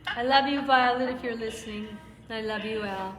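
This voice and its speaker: A woman's voice: on the high side, moderate pace, fairly bright tone. Effusive woman host in an echoey hall. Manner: effusive and affectionate. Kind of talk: casual chat. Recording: echoey hall with background noise.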